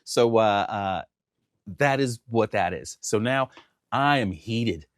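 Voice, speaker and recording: A man, a comedian and guest, telling a story in a casual, animated way. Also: lowish voice, slow pace, no room sound, studio quality. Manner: animated, lively.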